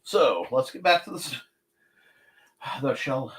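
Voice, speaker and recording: A man's voice: mid-range voice, animated, extremely slow. A man hosting a casual live stream, chatting while he draws and talking to his cats in a sing-song voice. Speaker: host.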